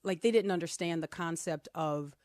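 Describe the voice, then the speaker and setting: Middle-aged woman, lower voice, lively storyteller, dry close sound. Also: normal speed, no echo. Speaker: co-host. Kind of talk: casual chat.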